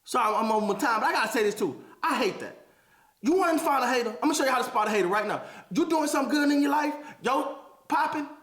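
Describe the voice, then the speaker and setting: A man's voice: very high voice, lively intonation, quick pace, fairly bright tone. A man hosting a podcast, giving an emphatic motivational monologue and repeating phrases for emphasis. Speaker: podcast host. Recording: echoey room.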